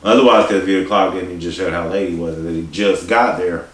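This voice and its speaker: A low-voiced man talks fast, telling a story in a casual, rambling, profane way full of restarts and asides. The recording comes from an echoey room with a distant mic and faint hiss.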